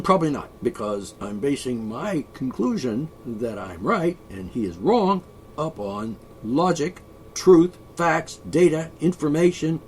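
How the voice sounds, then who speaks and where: A man's voice: medium pitch, slight background noise. A man vlogging an opinionated, rambling monologue, sarcastic and sighing often. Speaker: video blogger.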